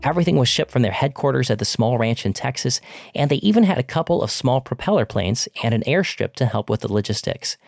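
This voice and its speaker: A man hosting a podcast, reading a scripted narration in a measured storytelling way. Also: medium pitch, darkish tone, dry recording, studio quality.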